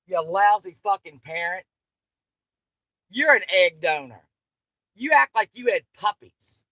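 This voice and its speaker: A woman's voice: lowish voice, animated, a little slow, long pauses, fairly bright tone, no echo, low-quality recording. A woman, hosting her channel with an angry, profane, rambling livestream rant. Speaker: channel host.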